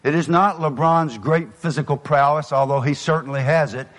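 A man's voice: on the high side, fairly even intonation, normal speed. Older Southern man telling stories in a hall. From American South. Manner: storytelling, folksy, drops to a near whisper for emphasis. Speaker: motivational speaker. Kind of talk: motivational speech to an audience.

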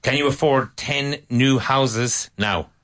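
A man's voice: medium pitch, slow pace, a bit bright. A man teaching an English conversation class, asking drill questions and patiently correcting and praising his students.

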